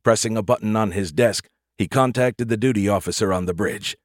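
Steady male audiobook narrator. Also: on the low side, no echo, studio quality. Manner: steady, measured reading.

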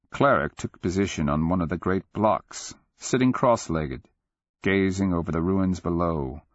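Man, audiobook narration, very low voice, measured and solemn, dry muffled recording. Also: a bit bright, dry recording.

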